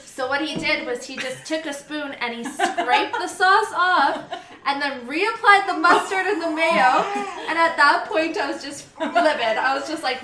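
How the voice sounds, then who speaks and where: High-voiced young woman telling a story. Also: measured pace, reverberant, crowd noise. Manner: chatty, laughs through her story. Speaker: podcast co-host. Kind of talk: casual chat, storytelling.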